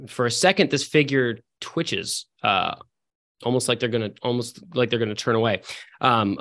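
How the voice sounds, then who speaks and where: A man narrating a tabletop role-playing game as game master, halting with many fillers and restarts. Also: medium pitch, fairly bright tone.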